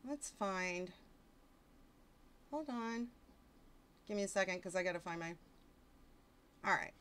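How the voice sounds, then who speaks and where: A woman's voice: mid-range voice, sharp tone, clean tone. Woman streamer, casual livestream reading, wisecracking and mock-exasperated between passages. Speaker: streamer reading fiction aloud.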